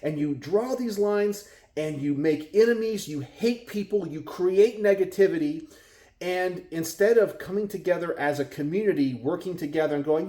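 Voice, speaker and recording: A man's voice: moderate pace, warm tone. A middle-aged man with a Texan accent, talking casually to his viewers from his garage, exasperated and full of rhetorical questions. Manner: exasperated, rhetorical, mimics others in high voices. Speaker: gun channel host. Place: home garage.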